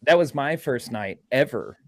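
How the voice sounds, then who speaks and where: A man and paranormal investigator telling a story on a podcast with animated energy, acting out the quoted lines as he goes. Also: medium pitch, normal speed.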